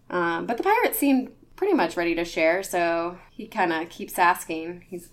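A woman's voice: on the low side, lively intonation, a little slow. Giggly woman co-hosting a podcast. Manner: giggly, chatty storyteller. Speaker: podcast co-host. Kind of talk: casual chat.

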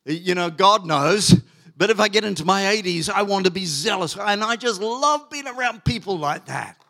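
A man's voice: high voice, animated, sharp tone. Middle-aged man preaching a fervent sermon. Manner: emphatic preaching, stretching key words slowly, many fillers and restarts. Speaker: pastor.

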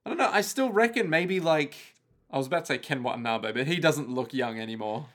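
A playful man chatting casually on a podcast. His voice sits a little high, and he often lets his sentences trail off as he jokes along with his co-host. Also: expressive, a little fast, a bit bright. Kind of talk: casual chat.

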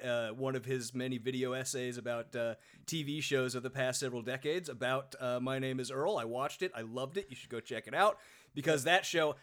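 A man's voice: medium pitch, a bit bright. A man co-hosting a podcast in casual, jokey chat, laughing often. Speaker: podcast co-host.

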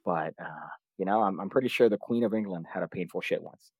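A man whose first language is Spanish, chatting as a podcast guest over a remote call, animated and joking. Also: sits low, fast, husky, no room sound. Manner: animated, joking, does mock voices. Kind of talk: casual chat.

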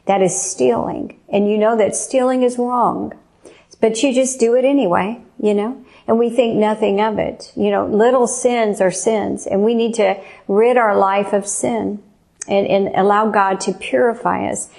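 A woman preaching a testimony sermon in an earnest, slow and emphatic way. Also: medium pitch, fairly even intonation, creaky, a little mellow.

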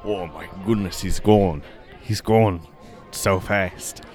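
A man's voice: sits low, slow pace, a little mellow, soft background music. A young man chatting casually while gaming, goofily narrating what he does. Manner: goofy, narrates his in-game actions. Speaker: gamer.

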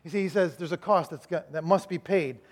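Male pastor with a high voice, sermon delivery, humorous storyteller, emphatic repetition. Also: a little fast.

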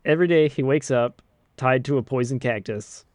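A man's voice: mid-range voice, normal speed, a little mellow, no room sound. Man narrating as game master, dry sound.

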